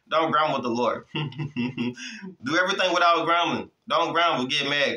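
A man preaching the Bible in a casual, street-style way, checking in with listeners and laughing between points. His voice sits a little high and very bright. It echoes in a roomy space. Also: unhurried. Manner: street-casual, repeats lines and checks in with "hmm?". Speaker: Bible teacher. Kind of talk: informal preaching.

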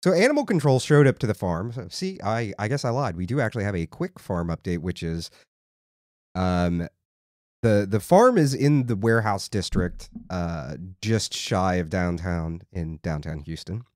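A man hosting a podcast, chatting in a relaxed, rambling, joking way. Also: low voice, normal speed, dry recording, studio quality. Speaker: podcast host. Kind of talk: casual chat.

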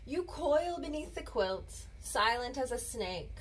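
Slow, expressive woman reading a bedtime story. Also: medium pitch, a little hiss or hum. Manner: slow, gentle, expressive read-aloud voice. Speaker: children's story reader. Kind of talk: storybook read-aloud.

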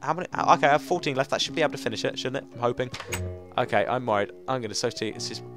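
A man talks his way through a game, a chatty commentator at a mid pitch. He jokes with himself and plays up small mishaps with mock drama. Faint music plays behind him. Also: rapid-fire. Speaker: Let's Play gamer. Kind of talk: gaming commentary.

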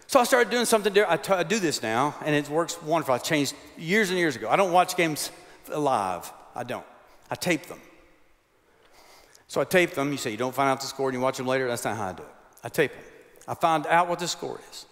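A man's voice: fairly high pitch, animated, fast talker, fairly bright tone. A man, preaching a chapel sermon with folksy, humorous storytelling. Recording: long hall reverb.

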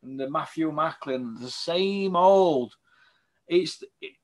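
A man's voice: a little high, takes it slowly, darkish tone. A man hosting a casual boxing chat, tired after a long day, rambling with tag questions. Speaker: host.

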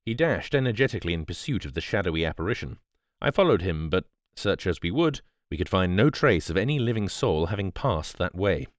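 A man narrating a bedtime audiobook in a calm, measured storytelling manner. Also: deep voice, no echo, clean studio sound.

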